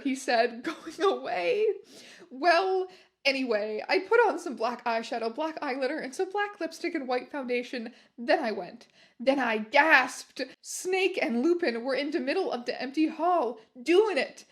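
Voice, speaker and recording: A woman giving a comedic dramatic reading of fan fiction aloud, with over-the-top delivery and bursts of shouting and laughter. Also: high-pitched, animated, moderate pace.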